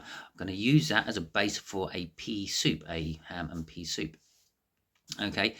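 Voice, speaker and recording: Bloke rambling at the camera from his living room, kinda nervous, lots of restarts, fairly low bright voice. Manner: nervous and rambling, with many false starts. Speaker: cooking and prepping channel host. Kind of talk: casual to-camera chat.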